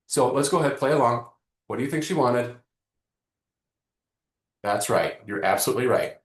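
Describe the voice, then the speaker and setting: A man hosting a live online marketing lesson, joking and talking straight to his audience in an animated way. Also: mid-range voice, normal speed, roomy sound. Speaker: webinar host.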